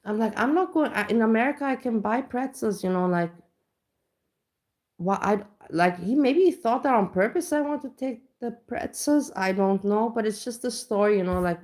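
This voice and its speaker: A woman's voice: medium pitch, normal speed, a little mellow. A woman vlogger chatting casually at home, telling a rambling, self-mocking story full of restarts. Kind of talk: casual reaction chat. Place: home kitchen.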